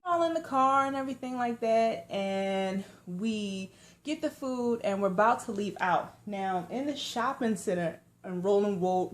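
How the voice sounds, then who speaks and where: A young adult woman talks straight to her viewers in a loose, slangy storytime. She is animated and chatty, darts off into side comments, and swings between hushed asides and bursts of emphasis. Her voice sits at an everyday, middle pitch. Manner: animated storytelling with lively asides and sudden hushed or loud turns; slangy conversational talk. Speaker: vlogger. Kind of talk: casual storytime vlog.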